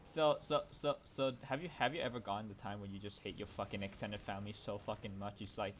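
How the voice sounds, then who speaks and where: A young man co-hosting a podcast while gaming, chatting casually, rambling and swearing, with many restarts and loud bursts when ranting. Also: fairly low pitch, steady tone, brisk, slight background noise. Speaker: podcast co-host.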